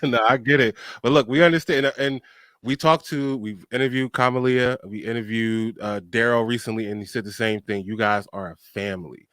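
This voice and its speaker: A man's voice: medium pitch, steady tone, moderate pace, a bit bright, no room sound, clean studio sound. A man hosting a podcast in casual interview chat, easygoing and supportive, laughing along with his guest. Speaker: podcast host.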